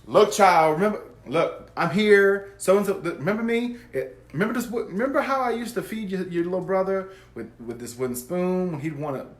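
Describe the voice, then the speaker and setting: A man voicing an excited, doting older grandmother spirit who urgently pleads to be remembered. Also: high voice, a little fast, hardly any pauses, reverberant, voice pushed up, close to an everyday voice. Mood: eager, pleading.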